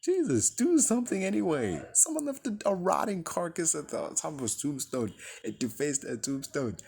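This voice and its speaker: A man's voice: on the high side, normal speed, vocal fry. A man giving a casual, profane movie review, ranting in an exasperated way and acting out what the characters say. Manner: animated, profane, exasperated rant with acted-out quotes.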